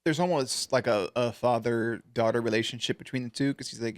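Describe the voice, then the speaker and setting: A man hosting a casual reaction video, talking in a slangy, profane, animated way. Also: mid-range voice, fairly quick, hardly any pauses, dry recording, studio quality.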